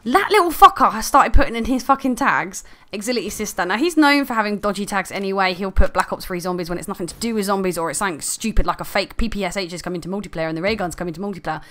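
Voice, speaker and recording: Woman, angry rant, sarcastic, profane, mid pitch. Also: fast talker, hardly any pauses, bright, forceful tone. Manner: angry, sarcastic, heavy swearing. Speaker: video commentator. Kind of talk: profane ranting commentary.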